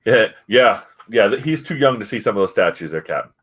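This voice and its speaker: Low-voiced rambling comic reviewer, man. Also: expressive, fairly bright tone, slightly rough. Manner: rambling, halting, many fillers and restarts. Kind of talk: casual comic review chat.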